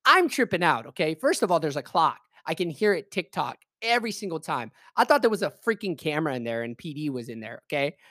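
A man telling a personal story in casual, animated, emphatic speech, swearing freely. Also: fairly high pitch, fast talker, hardly any pauses, dry recording. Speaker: podcast host. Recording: dry close voice message.

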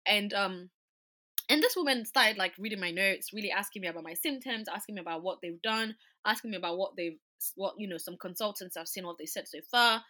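A woman, telling a personal story in casual chat, animated and full of "like" and "you know". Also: mid-range voice, a little fast.

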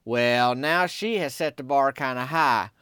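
A man's voice: mid-range voice, unhurried, pushed and bright, clean tone, no echo, clean studio sound. A young man telling a rambling, folksy story in a comedic character monologue.

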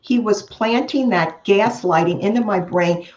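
An older woman guest speaking earnestly and in a measured way in an interview. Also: mid-range voice, darkish tone. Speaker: guest, author. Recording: echoey, muffled remote audio.

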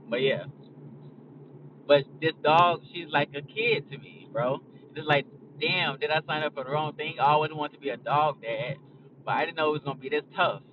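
A man's voice: mid-range voice, distant mic, lo-fi sound, noisy background. A young man talking casually as a podcast host, blunt and profane, rambling from a moving car. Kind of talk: casual chat. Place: in a car on a highway.

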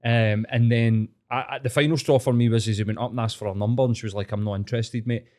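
A man's voice: medium pitch, quick pace. A young man with a Glaswegian Scottish accent, telling stories in casual chat with heavy swearing. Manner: sweary, animated storytelling.

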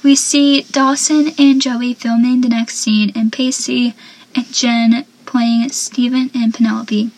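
A young woman chatting casually as she recaps a TV episode, animated and laughing often. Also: fairly high pitch, slow.

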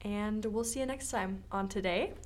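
A woman's voice: mid-range voice, normal speed. Chatty young woman podcast co-host. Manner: chatty, lots of "like" fillers. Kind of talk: casual chat.

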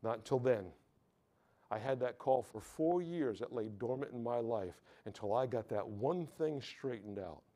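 A man's voice: mid-range voice, mellow. An American man preaching a sermon, telling a personal testimony, often stumbling and repeating words and calling out to the congregation for amens.

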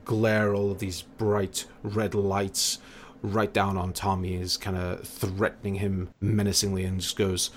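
A man running a tabletop game as game master, narrating the action in a relaxed, descriptive way. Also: sits low, unhurried, slight background noise.

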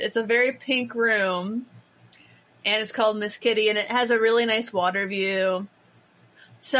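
A woman podcast co-host in casual chat, telling stories in a lively, animated way with quick asides. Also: on the high side.

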